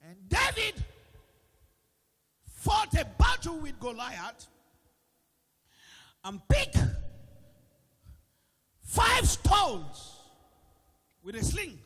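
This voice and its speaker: A man with a Nigerian accent preaching a sermon in a church with a gallery, shouting in a sing-song way and asking the congregation whether they hear him. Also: extremely high pitch, huge pitch swings, extremely slow, pauses often, big-room sound.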